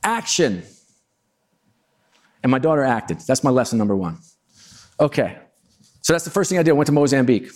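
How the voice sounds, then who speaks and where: A man's voice: mid-range voice, lively intonation, fast, pauses often, darkish tone. A middle-aged man giving a storytelling talk to a live audience, chatty and self-deprecating with plenty of asides. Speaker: keynote speaker.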